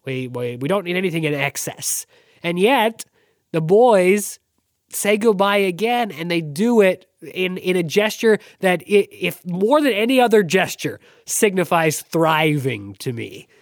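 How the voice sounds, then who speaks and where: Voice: mid-range voice, big pitch swings, measured pace, no room sound, studio quality. A podcast co-host analysing a play in casual chat, thoughtful and discursive, with wry asides.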